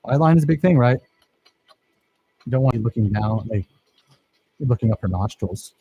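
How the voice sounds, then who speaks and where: A man's voice: mid-range voice, animated, brisk, warm tone, breathy edge, no room sound, lo-fi sound. A man teaching a filmmaking workshop, talking casually and enthusiastically over his own footage and praising his students.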